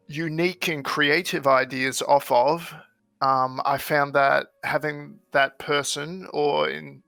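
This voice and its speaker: A man voicing his character in a tabletop game, slow and earnest. His voice is bright with a gravelly edge, and his pitch stays fairly flat. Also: no echo. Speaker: player. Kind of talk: in-character role-play.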